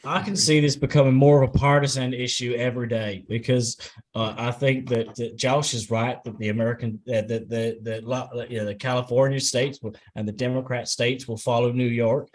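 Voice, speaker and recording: Halting Englishman chatting on a panel. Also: mid-range voice, fairly even intonation. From England. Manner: halting, many restarts and fillers. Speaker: show regular. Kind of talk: casual panel chat.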